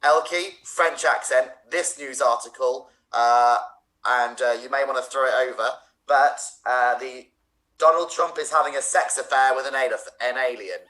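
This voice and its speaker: A man improvising a smooth, mock-formal male news anchor who teases his co-host. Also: mid-range voice, normal speed, bright, forceful tone, natural voice, poor audio. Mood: teasing. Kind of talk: improv comedy.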